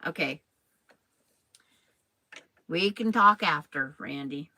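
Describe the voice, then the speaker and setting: Older woman, quilting host; slow, rambling, chatty patter with a bright, lowish voice. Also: expressive, dry recording, poor audio. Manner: rambling, chatty, addresses viewers by name. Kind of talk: casual chat while sewing on a live stream.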